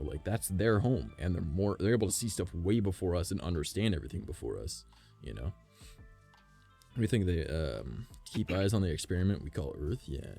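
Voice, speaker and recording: A deep, gravelly male streamer talks casually at home, drifting from thought to thought and cursing freely. His pitch rises and falls a lot as he goes, with faint music underneath. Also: mellow. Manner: rambling, swears a lot, speculative. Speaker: livestreamer.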